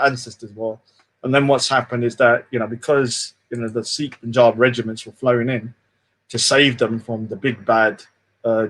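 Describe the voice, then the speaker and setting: Man, livestream host, cocky and mocking, drops swears, mid-pitched voice. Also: fairly bright tone, slightly rough. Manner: boastful, taunting, swears often, trails off into mumbles. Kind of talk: casual livestream rant.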